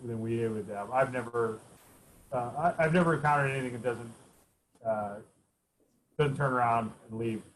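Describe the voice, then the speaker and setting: A man answering interview questions in a relaxed way, pausing often with fillers as he recalls things. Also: mid-range voice, slight background noise, poor audio. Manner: hesitant, many fillers and restarts. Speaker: race director.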